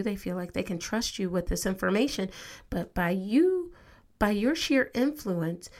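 Female podcast host, upbeat and conversational, addresses listeners directly, medium pitch. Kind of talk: motivational podcast monologue.

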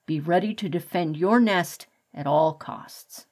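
A woman's voice: fairly low pitch, a little slow, a little mellow. A woman voicing an adult male rat, a protective father who lectures the others sternly.

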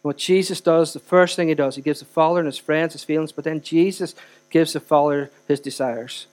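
Man, pastor, high-pitched voice, conversational sermon, questions to the congregation, loud to hushed, faint electrical hum. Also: fairly even intonation, brisk. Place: church.

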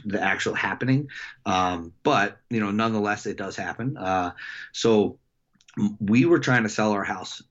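A middle-aged man with a very low voice tells a story in a relaxed interview. He stumbles and restarts often, leaning on fillers. The recording sounds muffled and lo-fi. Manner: halting, many fillers and restarts. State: emotional. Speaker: coach. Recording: dull lo-fi sound.

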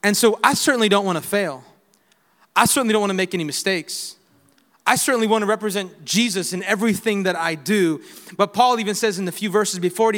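A man preaching a sermon, swinging between loud exhortation and quiet reflection, with humorous asides and call-and-response lines. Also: high voice, a little fast. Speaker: pastor. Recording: reverberant hall with faint music.

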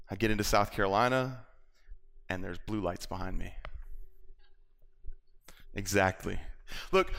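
A man preaching a sermon that turns into an animated personal story. His voice sits a bit low but sounds bright and forceful. He acts out the other people in the story and stammers the way he did when he was nervous.

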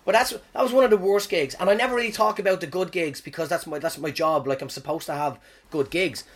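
An Irish comedian hosting his podcast, telling stories about his gigs in an animated, swearing, self-mocking way. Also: on the high side, fast talker. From Ireland. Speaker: stand-up comedian, podcast host. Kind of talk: casual storytelling monologue.

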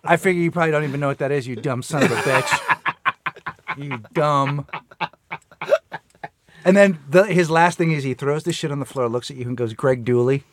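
A man's voice: fairly high pitch, brisk, long pauses, noisy background. A middle-aged man co-hosting a comedy podcast, telling rambling, profane stories in casual chat. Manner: animated, swearing, rambling storyteller. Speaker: podcast co-host.

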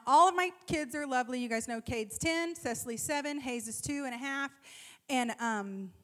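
A woman in her thirties giving an animated, self-deprecating talk to a church group, telling a personal story with humor. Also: sits high. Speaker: speaker at a church gathering.

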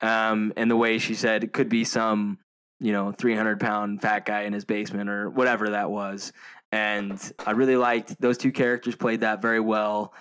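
A man leads a relaxed podcast conversation about a film, his voice sitting fairly low. He drifts between thoughts with plenty of ums and restarts, loose and conversational. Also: normal speed, clean tone. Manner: rambling, many fillers. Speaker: podcast host. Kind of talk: casual movie discussion.

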